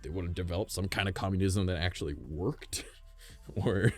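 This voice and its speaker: A man's voice: low-pitched, moderate pace, faint music behind. A man streaming live from home, chatting loosely with his chat, rambling through wild theories and swearing freely. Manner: rambling, swears a lot, speculative. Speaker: livestreamer.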